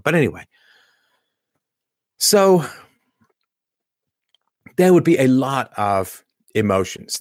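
Lower-voiced man, chatty rambling monologue. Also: no room sound, clean studio sound. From Canada. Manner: conversational, rambling with restarts and rhetorical questions. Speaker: show host. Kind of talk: casual monologue commentary.

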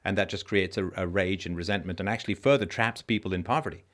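A man with a somewhat low, expressive, trained voice hosts a live-stream Q&A. He reads viewer comments and answers them conversationally, often stopping to restart his sentences. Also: quick pace. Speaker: host.

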